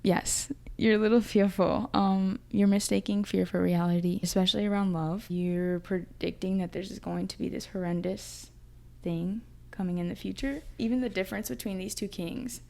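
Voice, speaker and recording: A woman's voice: mid-range voice, steady tone, normal speed, vocal fry, warm tone. A young woman giving a casual, chatty tarot reading, talking through her intuitions in an emotional, thinking-aloud way. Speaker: tarot reader.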